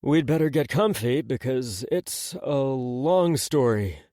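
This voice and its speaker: A man reading the part of a gentle, hesitant adult man in an audiobook, softly and without fuss. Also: mid-range voice, lively intonation, slow pace, no room sound, clean studio sound. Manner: soft and hesitant.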